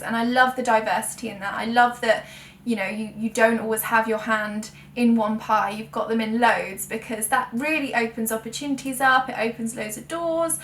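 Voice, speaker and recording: A woman's voice: on the high side, a bit bright. A young woman, chatting frankly to camera as a full-time blogger, self-correcting and laughing at her own word slips. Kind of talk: frank sit-down chat to camera. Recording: echoey room, mic at a distance, faint ambient noise.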